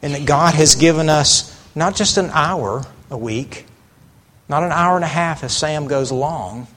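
Middle-aged male preacher, slightly high voice, slow and chatty, lots of rhetorical questions. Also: a bit bright. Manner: conversational preaching with rhetorical questions and frequent restarts. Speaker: pastor. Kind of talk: sermon.

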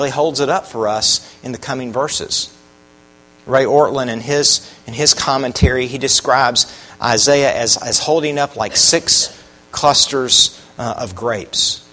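A man's voice: medium pitch, sharp tone, rough recording. A man preaching a sermon, earnest, often putting questions to the congregation. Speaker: pastor.

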